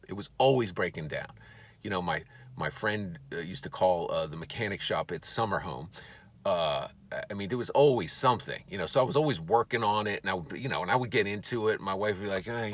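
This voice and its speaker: A man, a comedian, telling a story for laughs in an animated, profane way, often stammering and restarting. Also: sits low.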